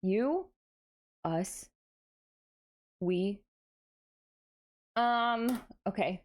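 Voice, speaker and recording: A young VTuber woman streams late at night, tired and giddy, chatting playfully with viewers, poking fun at herself, and reading chat aloud to answer it. Her mid-range voice has lively intonation but moves extremely slowly.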